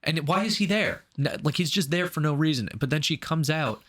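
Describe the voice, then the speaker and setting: A man's voice: fairly high pitch, lively intonation, fairly quick. A man co-hosting a casual movie review podcast, recapping the plot in a rambling, profane way and laughing often. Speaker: podcast co-host.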